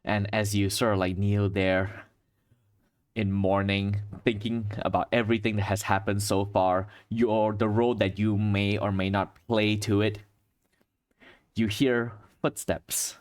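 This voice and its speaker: A man running a tabletop game as game master, narrating scenes in descriptive storytelling with pauses and restarts. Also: fairly low pitch, flat delivery.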